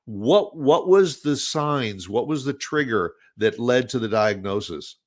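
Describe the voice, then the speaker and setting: A man's voice: mid-range voice, expressive, unhurried. A male talk show host who asks his guest probing questions in a conversational way. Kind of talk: interview.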